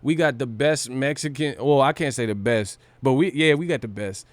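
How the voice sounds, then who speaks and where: At a moderate pace and in a mid-range voice with no echo, a California man rants casually while hosting a boxing stream. He's brash and profane, riffing hard and slipping into laughter and sung lines.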